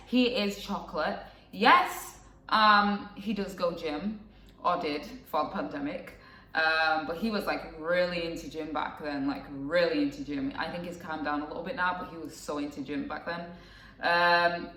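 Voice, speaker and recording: A young woman rambles through a personal story, full of fillers and side remarks. Her voice is bright and a little low for a woman. She sounds a bit distant from the mic, in a roomy, echoing space. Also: slight background noise. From England. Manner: chatty and rambling, with frequent fillers and asides. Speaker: vlogger. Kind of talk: casual storytelling to camera.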